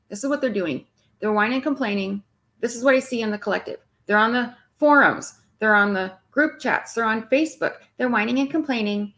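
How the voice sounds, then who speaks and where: A woman twin flame coach speaking bluntly and with exasperation to her viewers, swearing freely and mimicking clients. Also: a little high.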